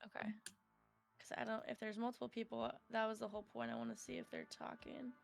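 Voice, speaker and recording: A woman's voice: on the high side, flat delivery, quick pace, gravelly, soft background music. A woman playing a tabletop role-playing game, chatting eagerly and asking lots of questions. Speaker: player. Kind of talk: casual tabletop game chat.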